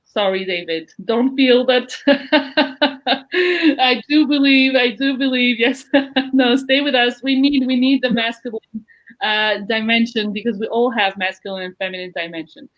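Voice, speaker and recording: A woman's voice: a little high, moderate pace, highs cut off. A woman hosting a live video-call interview, gushing and effusive in manner. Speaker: host of an online interview show. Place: at home in Jerusalem.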